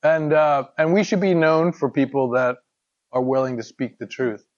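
A man's voice: medium pitch, normal speed, muffled recording. A man leading a casual Bible study discussion, talking in a thoughtful, conversational way with frequent fillers and restarts.

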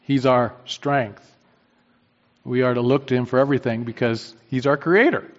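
A man's voice: medium pitch, steady tone, normal speed. Guy preaching a sermon, earnest, repeats his points, long hall echo, kinda dull muffled sound. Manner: earnest, emphatic repetition of key phrases.

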